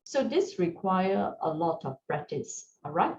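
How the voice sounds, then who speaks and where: A woman teaching a beginners' Mandarin lesson, gentle and encouraging, often checking in with her learners. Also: fairly low pitch, sing-song, unhurried. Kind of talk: slow, patient language lesson. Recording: roomy, distant, dull sound with faint hiss.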